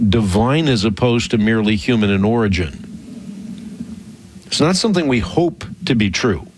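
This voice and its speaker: A man hosting a radio call-in program, answering a caller in a measured, emphatic teaching manner that stretches out key phrases. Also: medium pitch, breathy edge, dry recording.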